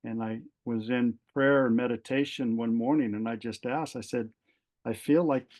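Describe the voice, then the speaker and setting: Middle-aged retired fire captain as podcast guest, earnest and halting, retells events with repeated starts. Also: male voice, mid-range voice, steady tone, a little mellow. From Southern California. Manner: earnest, halting, repeats words as he gathers thoughts. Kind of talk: personal storytelling in an interview.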